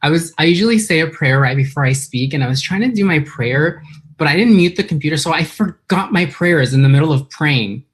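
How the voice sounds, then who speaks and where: A woman's voice: low voice, animated, brisk, slightly rough. A woman from San Diego giving an earnest, emotional personal recovery talk at a meeting, a little nervous, speaking into her computer on a video call. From San Diego, California. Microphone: computer for an online video meeting.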